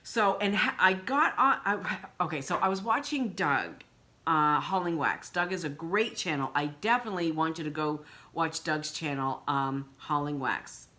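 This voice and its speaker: A woman's voice: sits low, expressive, moderate pace, bright, forceful tone. A woman vlogging in a casual, indignant rant, blunt and swearing freely. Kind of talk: casual ranting vlog.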